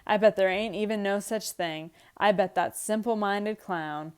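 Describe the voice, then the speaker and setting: A woman reading aloud the lines of a bitter, frustrated young husband from a script, slightly louder than her narration. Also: medium pitch, measured pace, smooth, lightly acted. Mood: angry, bitter. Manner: read aloud from a script, lightly acted.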